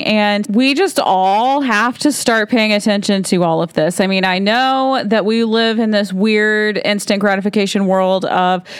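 A woman's voice: a little high, smooth, no echo. A woman hosting her opinion podcast, talking in a heated, fired-up rant. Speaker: podcast host.

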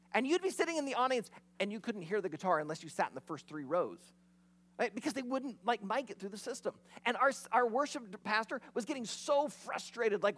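A pastor preaching a sermon in a conversational, storytelling way. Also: medium pitch.

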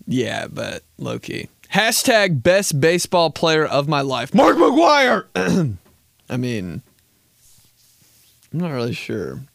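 A young guy in an even middle register tells loose, comic stories about his day, with lots of filler and swearing. His delivery is casual and self-deprecating, and the recording is close and dry with no room sound. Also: mid-range voice, takes it slowly, creaky, no room sound. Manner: rambling, profane, self-mocking, full of "like" and laughter. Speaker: podcast host. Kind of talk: casual comedic storytelling.

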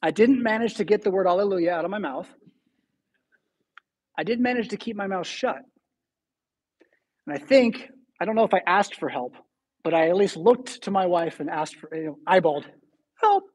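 A middle-aged man preaching a sermon as pastor, telling stories with sudden loud and soft swings. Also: high voice, normal speed, pauses often, breathy edge. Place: church sanctuary.

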